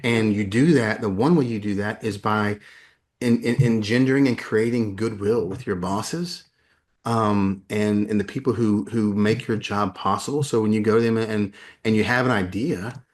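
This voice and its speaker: A man's voice: fairly low pitch, steady tone, moderate pace. A man talking as a guest in a conversational interview, emphatic and often repeating words as he builds his points. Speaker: podcast guest, educator.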